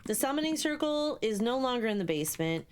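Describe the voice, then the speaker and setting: A young woman streaming a ghost-hunting game live, talking to her chat in an excitable, swearing, chatty way. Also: fairly high pitch, quick pace, slight background noise. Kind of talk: live gameplay commentary.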